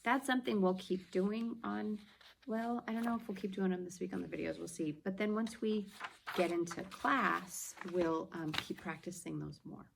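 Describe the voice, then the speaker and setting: A woman teacher giving a video lesson to young children, sounding out words slowly and clearly. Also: medium pitch, a little hiss or hum. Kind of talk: early-grades classroom video lesson.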